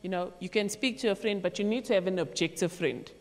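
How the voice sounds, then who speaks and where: A woman's voice: medium pitch, quick pace. Chatty woman speaking in a reverberant hall. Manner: chatty, animated, acts out quotes and laughs. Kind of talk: casual youth talk on faith. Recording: long echo in a large hall.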